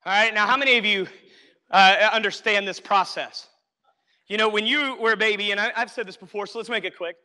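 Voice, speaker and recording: A man's voice: sits high, brisk, sharp tone. A male pastor preaching a sermon, emphatic and repetitive, often calling out to the congregation to listen. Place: church sanctuary. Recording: long hall reverb.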